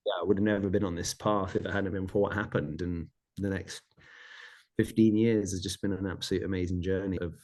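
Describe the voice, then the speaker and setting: A man's voice: low-pitched, fairly even intonation, brisk, a little mellow. A man, a golf coach and podcast guest, telling his personal story with earnest reflection and acting out remembered conversations.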